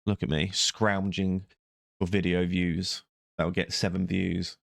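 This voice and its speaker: A man's voice: deep voice, level tone, takes it slowly, creaky, no echo, studio quality. A young man hosting a reaction video, rambling casually with sarcastic, self-mocking asides. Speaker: YouTube reaction host.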